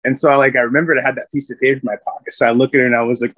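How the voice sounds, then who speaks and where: A man telling stories from his military days in a loose, casual way, rambling and packing his talk with fillers. His voice sits at a middling pitch and is recorded close and dry. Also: level tone, racing, hardly any pauses, fairly bright tone, dry recording. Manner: rambling, full of fillers, laughs often. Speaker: Marine veteran guest. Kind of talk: casual storytelling.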